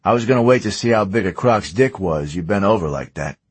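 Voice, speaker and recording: A crude gunman trades rough, jokey banter, as a male narrator gives him voice. The tone is low and a touch husky, and it sits close and dry. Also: expressive, fairly quick, dry recording. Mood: wisecracking. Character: crude, wisecracking male shooter.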